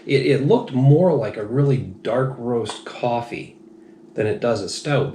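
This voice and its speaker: A man's voice: medium pitch, a little slow, warm tone. A man reviewing beer in a rambling, frank, self-deprecating way, a little tipsy. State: slightly tipsy. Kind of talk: casual review monologue. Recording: echoey room, faint noise.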